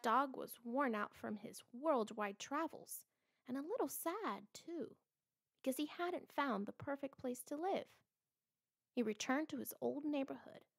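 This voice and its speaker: A woman reading a children's picture book aloud with expressive storytelling. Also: sits high, gravelly, no echo, studio quality. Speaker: storybook reader.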